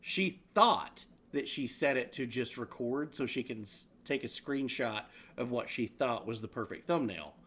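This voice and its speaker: A man's voice: mid-range voice, a little slow, few pauses, slightly rough. A man co-hosting a casual online news show, swearing, laughing and ranting about what he shows. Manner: animated, swearing, laughs often. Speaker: show co-host. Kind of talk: casual profane news commentary.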